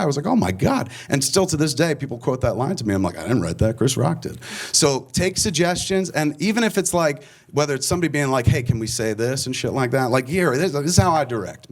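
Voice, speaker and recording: Brief: forties man, lively pitch, profane rambling storyteller at a conference. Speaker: filmmaker guest speaker. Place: conference stage before an audience.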